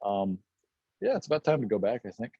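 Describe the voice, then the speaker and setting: A man's voice: lowish voice, very animated, fairly quick, breathy edge, no room sound. A man in his thirties chatting casually as a podcast guest, rambling with many restarts; English is not his first language. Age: 30s. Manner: rambling, frequent restarts and fillers. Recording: dull dry sound.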